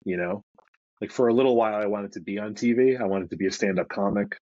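Speaking fast in a lowish, darkish voice, a middle-aged Brooklyn comic creator with a mild New York accent chats as an interview guest. He rambles easygoingly and restarts to correct himself. There's no room sound, and the audio is dull.

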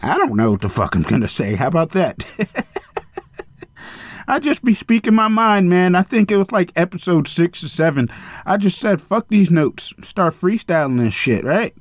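A man's voice: big pitch swings, normal speed, dry recording. A man hosting his own podcast in a casual solo monologue, speaking bluntly with lots of swearing and rambling tangents. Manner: mocking high-pitched impressions of others. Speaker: podcast host.

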